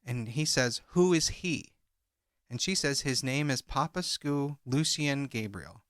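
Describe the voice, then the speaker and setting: A man's voice: mid-range voice, unhurried, a bit bright, dry recording, clean studio sound. A man co-hosting a true crime podcast, recounting a call transcript and reading out each speaker's lines. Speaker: podcast co-host.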